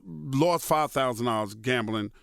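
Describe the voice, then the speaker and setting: A man's voice: mid-range voice, unhurried, vocal fry, dry recording, clean studio sound. Profane New man telling a story. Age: 50s. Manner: profane, animated storyteller who voices others in quotes. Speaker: radio personality and guest. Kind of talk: storytelling in a casual interview.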